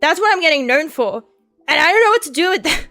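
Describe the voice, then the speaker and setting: A young woman streamer chatting casually, rambling through profane, excitable stories. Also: high voice, quick pace, soft background music. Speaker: VTuber streamer.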